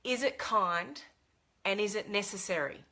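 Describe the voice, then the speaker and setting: A woman with a bright, forward voice talks straight to the camera, giving earnest advice. She is middle-aged and speaks casually, with fillers and restarts. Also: medium pitch, a little slow. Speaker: vlogger giving life advice.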